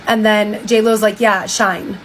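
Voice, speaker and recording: A woman's voice: medium pitch, steady tone, slow pace, slight background noise, low-quality recording. Chatty young woman retelling gossip. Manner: chatty, lots of "like", reacts with disbelief. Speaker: TikTok storyteller. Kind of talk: casual retelling of a book.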